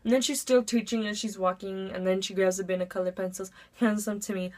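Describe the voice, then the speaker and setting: A woman's voice: mid-range voice, fairly even intonation, a little fast, a little mellow. A teenage girl telling a storytime vlog story. She talks in a chatty, breathless rush, fills it with "like", and jumps into dramatic voices for the big moments. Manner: dramatic voice swings into acted quotes. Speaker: vlogger.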